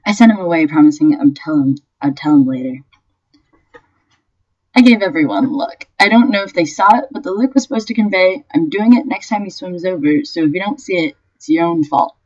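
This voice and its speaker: A young woman reading aloud a story she wrote, telling it in a lively way with bursts of laughter. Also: on the low side, brisk. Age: young adult. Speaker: vlogger. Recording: dull lo-fi webcam audio.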